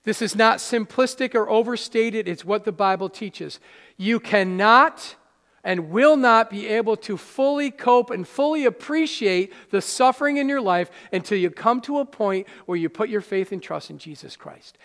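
High-pitched guy preaching to his church, earnest and chatty, big echoey hall. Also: moderate pace, a bit bright. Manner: earnest, conversational preaching with playful asides to the congregation. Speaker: pastor. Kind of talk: sermon. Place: church sanctuary. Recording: live hall reverb.

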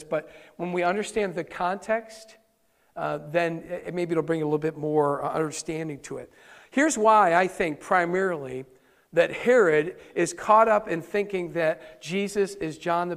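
A male pastor delivering a conversational sermon, repeating key points for emphasis. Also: high voice. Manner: conversational preaching with emphatic repetition. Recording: reverberant hall.

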